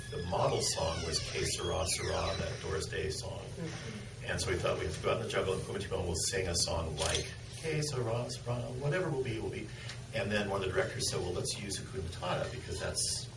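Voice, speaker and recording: Low gravelly guy telling old stories at some event, echoey and kinda far from the mic. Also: huge pitch swings, fast talker. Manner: reflective, anecdotal storyteller. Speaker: film producer. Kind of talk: conversational interview answers. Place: public press event. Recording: echoey, distant, noisy event hall.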